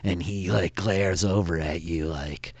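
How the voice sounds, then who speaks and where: A man's voice: sits low, steady tone, a little slow, a little mellow, breathy edge, no echo. A man narrating a tabletop game as game master, in a casual way full of filler words.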